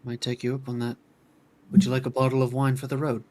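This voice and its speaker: Man, mid pitch, casual tabletop player. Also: completely flat delivery, fast, darkish tone. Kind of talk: tabletop game play.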